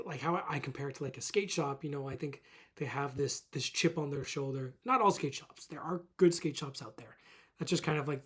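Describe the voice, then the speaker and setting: A man's voice: on the high side, slightly rough. A young man from Calgary ranting casually to camera as a vlogger, swearing a lot, laughing often and rambling. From Calgary, Canada.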